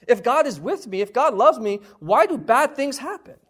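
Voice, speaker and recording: A man's voice: very high-pitched, lively intonation, normal speed, fairly bright tone, husky. A man preaching a sermon to a congregation in a conversational, emphatic way, full of rhetorical questions and candid personal asides. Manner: shares personal struggles openly.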